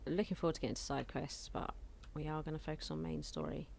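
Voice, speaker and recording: A woman's voice: sits low, quick pace, vocal fry, darkish tone, slight background noise. A woman chatting casually and giggling as she live-streams a video game from home on a desk mic. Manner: chatty, giggly, talking to chat while playing.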